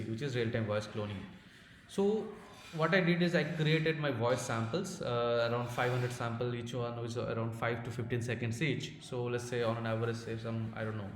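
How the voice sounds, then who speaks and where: Man with an Indian accent presenting in a hall. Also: mid-range voice. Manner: halting, many fillers and restarts. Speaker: conference speaker. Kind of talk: technical conference presentation. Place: conference hall. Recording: echoey hall with faint noise.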